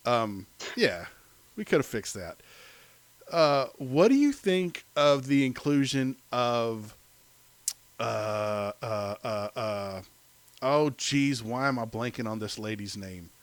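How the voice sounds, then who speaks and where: A man co-hosting a podcast in casual chat who rambles with enthusiasm and fills his pauses with many fillers. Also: medium pitch, lively intonation, no echo. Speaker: podcast co-host.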